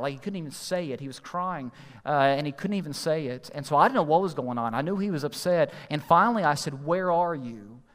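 Pastor guy preaching, earnest n emphatic, voice a bit high, long reverb like a big church hall. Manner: earnest, emphatic preaching with slow stressed phrases. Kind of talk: sermon.

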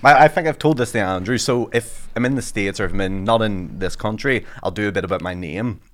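Dry-joking man, low voice. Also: a little fast, fairly bright tone. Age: 30s. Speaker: comedian. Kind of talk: casual chat.

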